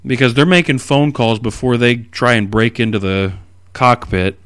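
A man preaching an expository sermon, reading scripture aloud and explaining it with animated emphasis. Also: mid-range voice, moderate pace, clear, resonant tone, no echo, studio quality.

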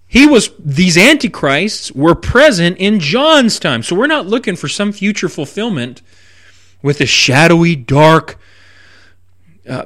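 A man's voice: a little high, fairly bright tone. A man who is a preaching minister, teaching the Bible on a radio broadcast with emphatic delivery and wry asides.

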